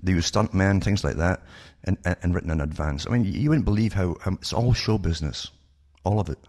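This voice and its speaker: A man's voice: deep voice, fairly quick, a little mellow. An older man, a radio guest, telling stories from his past in a knowing, matter-of-fact way. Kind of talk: conversational radio interview.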